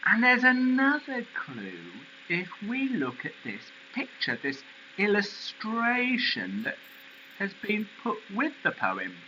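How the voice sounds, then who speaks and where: A male teacher explaining a poem in a recorded lesson, animated and questioning. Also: sits high, slow, muffled recording, slight background noise.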